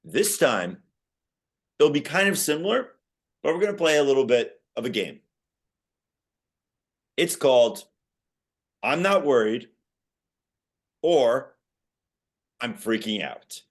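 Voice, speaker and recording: A young man hosts a casual sports chat, his pitch rising and falling a lot as he talks. He fires questions at his co-host in an easygoing way. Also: slow pace, pauses often. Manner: lively, quizzing his co-host. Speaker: podcast co-host.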